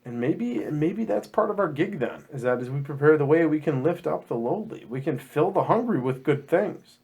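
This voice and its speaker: A man co-hosts a loose, joking church podcast, his voice husky and full of swoops up and down. He talks casually and now and then slips into comic voices. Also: a little high, expressive, normal speed, a little mellow. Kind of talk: casual chat.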